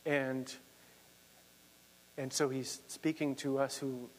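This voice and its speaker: A man's voice: mid-range voice, level tone, slow pace, big-room sound, a little hiss or hum. A man preaching a sermon, earnest, reading scripture aloud and explaining it. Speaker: pastor.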